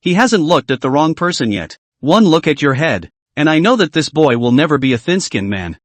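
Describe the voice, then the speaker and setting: A man's voice: fairly high pitch, very animated, brisk, no echo. A man reading the lines of a blunt, hearty old grandfather in a recap story.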